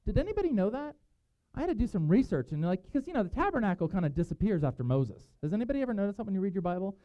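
A pastor telling stories in a casual, animated sermon with self-deprecating asides. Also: male voice, high voice, racing, highs cut off.

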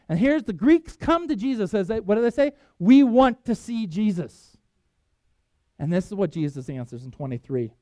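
A man preaching a sermon, reading scripture aloud with emphatic swings in loudness. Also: fairly high pitch, no room sound. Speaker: pastor.

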